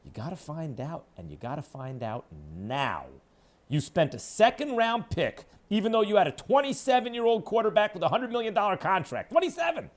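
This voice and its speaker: A man hosting a sports radio show, delivering an opinionated monologue in an emphatic, hectoring way that swings between loud declarations and low asides. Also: very animated, moderate pace. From New York.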